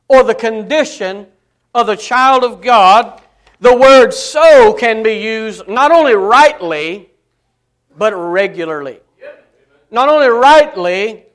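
A man preaching a sermon as pastor, calling out to the congregation and breaking into song. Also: very high-pitched.

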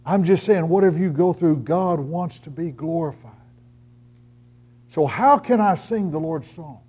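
A middle-aged male pastor delivering a sermon in a fairly high voice. He swings from loud, emphatic preaching to quiet, hushed storytelling. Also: expressive, a little slow, slightly rough.

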